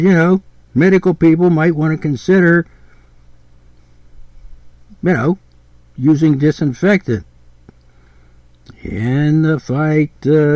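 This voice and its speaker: A man's voice: a little high, a little mellow, dry recording. A man in his seventies giving a blunt, rambling podcast monologue, repeating himself and swearing freely. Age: 70s. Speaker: podcast host.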